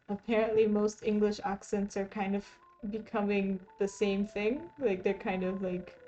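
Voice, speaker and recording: A woman's voice: mid-range voice, mellow, highs cut off. A young woman streaming and chatting casually, rambling and laughing often as she plays. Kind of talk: casual live-stream chat while playing.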